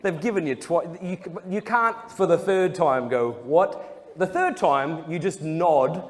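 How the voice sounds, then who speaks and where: A man's voice: a little high, expressive, unhurried. A man with an Australian accent telling funny stories in a jokey, self-deprecating way with frequent chuckles. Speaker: speaker. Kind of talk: humorous storytelling talk. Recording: long hall reverb, faint noise.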